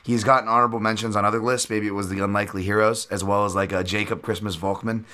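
A man's voice: on the low side, level tone, fast talker, bright, forceful tone. A man hosting a casual podcast, joking around loosely and swearing now and then. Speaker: podcast host.

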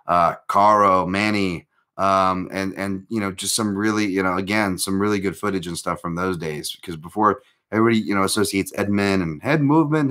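Man, very low pitch, bright forceful tone, live stream host, rambling, filler-heavy, self-deprecating. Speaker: host of a live MMA chat. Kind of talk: casual live-stream chat.

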